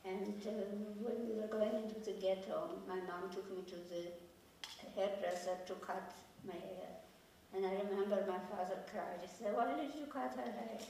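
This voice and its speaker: An older woman from Poland recounts her memories in a quiet, grave, halting way, often circling back to repeat a phrase. Her voice is mellow and dark, heard from a distance. The recording rings with a heavy echo, as though made in a large bare room. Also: medium pitch, steady tone, a little hiss or hum. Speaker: Holocaust survivor giving testimony. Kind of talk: personal testimony. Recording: very echoey room, voice from far off.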